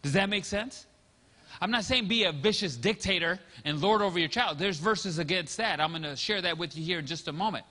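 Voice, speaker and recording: High-voiced preaching pastor in reverberant hall. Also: male voice, fairly quick, pushed and bright. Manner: storytelling, acts out quotes. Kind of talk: sermon.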